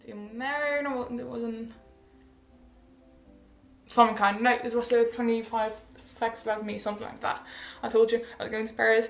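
A woman's voice: a little high, steady tone, normal speed, creaky, roomy sound, soft background music. A teenage girl chatting casually in a rambling, bubbly update vlog, often laughing and correcting herself. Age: teens. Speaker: vlogger.

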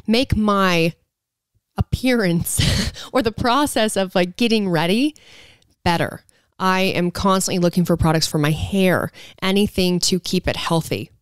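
Smooth-voiced woman podcast host. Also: medium pitch, no echo, studio quality. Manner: giggly, teasing, blunt. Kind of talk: casual chat and read ad. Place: living room at parents' house.

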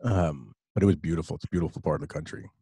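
A male podcast host in his forties with a very deep, husky voice. He asks enthusiastic questions that ramble. The sound is dry and close, with no room echo. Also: rapid-fire, dark tone. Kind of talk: casual interview chat.

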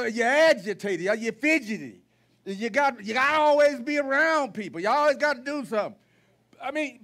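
A man preaching a sermon to his congregation in a church, folksy and blunt, driving points home with repetition and rising to shouts. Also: very high voice. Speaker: pastor. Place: church sanctuary.

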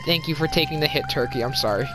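A woman giving casual let's-play commentary, chatty and apologetic, quick to exclaim at what happens on screen. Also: sits low. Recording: game music behind voice.

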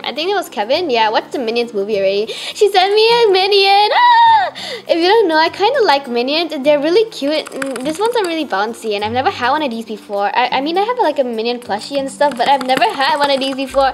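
Teen girl vlogger, high and bouncy, fangirling over fan mail. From Malaysia. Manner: gushing, excitable fangirling with many "oh my gosh". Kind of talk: unboxing fan mail vlog.

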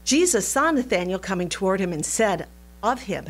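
An animated woman teaching a Bible lesson in a playful, chatty style, often breaking into laughter. Her voice sits at an ordinary middle pitch. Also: moderate pace. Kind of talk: recorded Bible study lesson.

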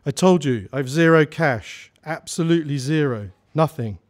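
A man's voice: a little high, moderate pace, natural voice. A man reading as a bitter, down-and-out man.

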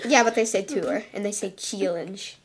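A woman's voice: mid-range voice, moderate pace, a little hiss or hum. A young woman vlogger in casual chat, playful and giggly, trying out silly impressions.

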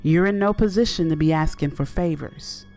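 A woman's voice: sits low, moderate pace, faint music behind. A woman doing a blunt, callous thief man. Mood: angry. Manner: flat, blunt. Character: callous male thief, adult.

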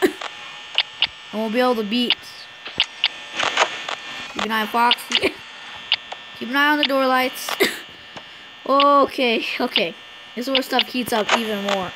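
A woman doing casual gameplay commentary into a close mic, excitable, laughing and coughing often as she talks to the game characters. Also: fairly high pitch. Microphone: close personal mic. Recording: loud mains hum, clicks.

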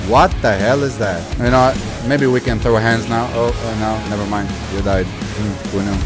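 A young man giving live gameplay commentary, exasperated and yelling at the game, with mild cursing. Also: on the low side, steady tone, measured pace, over music. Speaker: gaming YouTuber.

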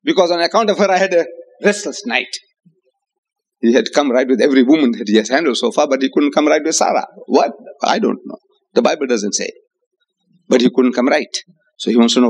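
An older man with a South African accent giving a religious lecture to an audience, acting out quoted voices with rising pitch. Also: animated, a little fast, husky. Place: hotel lecture hall with audience.

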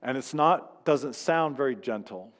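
A man's voice: mid-range voice, lively intonation, measured pace, in a large hall. A man preaching a sermon as pastor in a church, speaking conversationally and acting out quoted lines. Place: church sanctuary.

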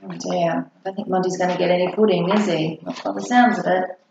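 A woman reading a children's picture book aloud, playful and animated, asking her listeners questions, recorded in an echoey room with dull, lo-fi sound. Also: on the low side, brisk, gravelly, slight background noise. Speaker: storybook reader.

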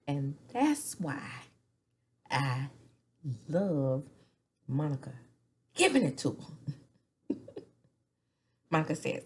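A woman's voice: deep voice, big pitch swings, very slow, long pauses, slightly rough. A woman in her forties chatting casually through a reality-TV recap, gossipy, laughing often and dropping into whispers. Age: 40s. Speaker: recap vlogger.

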